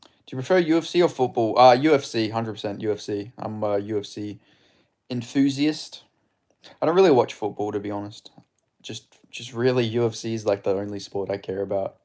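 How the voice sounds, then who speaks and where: A man streaming live fight commentary, excitable and swearing, chatting with his viewers between rounds. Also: lowish voice, fairly quick.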